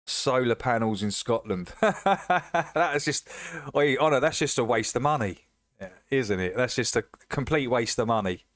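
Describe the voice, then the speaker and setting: A man's voice: mid-range voice, animated, measured pace, fairly bright tone, dry recording, clean studio sound. A man hosting a casual livestream chat, laughing often and repeating himself as he jokes. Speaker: livestream host.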